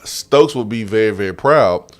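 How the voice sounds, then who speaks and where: In a studio, a man hosting a sports radio show tells an animated, casual story, laughing frequently. His voice is on the low side, at normal speed.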